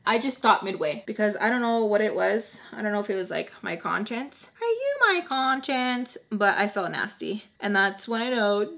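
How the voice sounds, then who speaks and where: A young woman vlogger spinning a casual storytime, animated and blunt with plenty of swearing. Her voice sits at an ordinary middle pitch. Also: moderate pace, creaky, few pauses.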